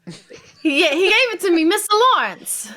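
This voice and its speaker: A woman plays a timid young sister, high lively voice, slow and bright; comic radio-play reading. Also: exaggerated voice. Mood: shy. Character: shy, sweet, frail young sister.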